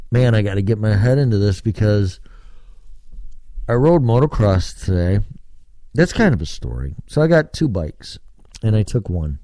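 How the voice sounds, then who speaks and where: A man's voice: lowish voice, warm tone, no room sound, studio quality. An American man hosting a solo podcast, talking casually and rambling with many fillers. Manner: casual, digressive, lots of fillers. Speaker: podcast host.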